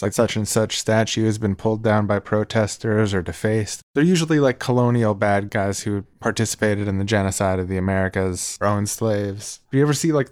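Low-voiced man co-hosting a podcast. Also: darkish tone, no echo, clean studio sound. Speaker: podcast co-host. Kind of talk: casual podcast chat.

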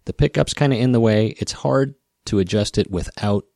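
In casual podcast talk, a rural Western Midwest American host rambles wryly, often breaking off to start over. His fairly low voice carries vocal fry and warmth at a normal speed. The recording is dry and studio quality.

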